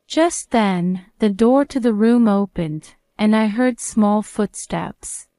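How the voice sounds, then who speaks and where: A woman narrating a first-person story in a calm, even reading voice. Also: mid-range voice, slow pace, hardly any pauses, clear, resonant tone, dry recording, clean studio sound.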